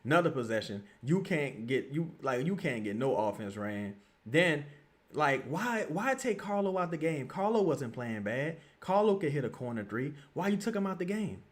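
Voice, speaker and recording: A streamer reacts to a live game in a watch-along, ranting profanely and with frustration at a moderate pace. His slightly high voice swings lively, breaking into sudden loud outbursts.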